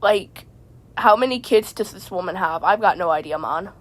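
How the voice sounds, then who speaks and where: A woman's voice: on the low side, moderate pace. Rambling woman telling a story from her car. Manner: rambling, stammering, constantly adds "man". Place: inside a parked car.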